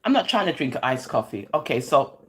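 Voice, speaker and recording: A woman's voice: a bass voice, sing-song, a little fast, husky. A middle-aged woman with a Jamaican accent in a casual monologue rant, emphatic and preachy, drifting between Patois and English. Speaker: vlogger.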